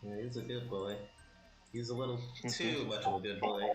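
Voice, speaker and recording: A man's voice: fairly low pitch, steady tone, normal speed. Joking male player in an echoey room. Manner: laughing, joking. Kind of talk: casual tabletop play. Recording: roomy echo with music.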